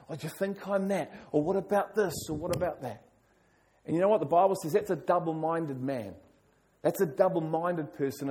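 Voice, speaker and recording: A man's voice: a little high, warm tone. A middle-aged male pastor preaching a sermon, stressing his points by repeating key phrases.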